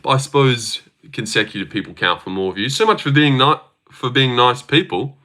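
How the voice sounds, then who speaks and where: Speaking at normal speed in a medium-pitched voice that sounds pushed and bright, this Australian MMA predictions livestreamer casually fields viewer comments. He is blunt, profane and rambling.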